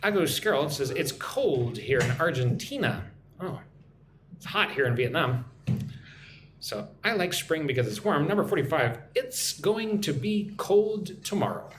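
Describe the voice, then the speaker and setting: An American man teaches English live from home, repeating phrases slowly and clearly so learners can follow. His pitch moves a lot and his voice rings in a roomy space. A faint ambient hum sits behind him. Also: big pitch swings, a bit bright. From United States. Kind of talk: live-streamed English lesson.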